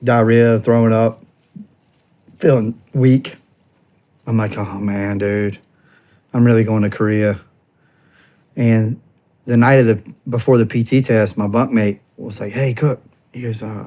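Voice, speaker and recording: The voice is on the low side, warm and fairly even, unhurried and full of pauses. It belongs to a US man in his thirties, a former soldier and police officer guesting on a podcast, whose long, rambling interview story is heavy with "I'm like" and quoted dialogue.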